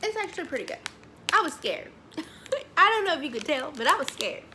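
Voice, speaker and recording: A young woman, chatting excitedly as she reviews snacks, saying "y'all" a lot. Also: sits high, fairly quick, a little hiss or hum. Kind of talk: casual chat.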